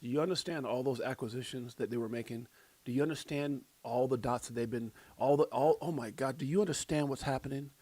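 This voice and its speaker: A man hosts a crypto livestream, reacting with fervent, preachy commentary, repeating himself and joking about his own excitement. His mid-range voice is fairly quick, with no echo.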